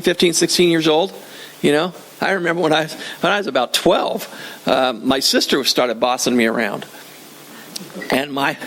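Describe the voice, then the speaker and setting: A man's voice: on the high side, fairly bright tone. An older man preaching a sermon in a church, conversational and joking, often repeating his phrases. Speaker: pastor.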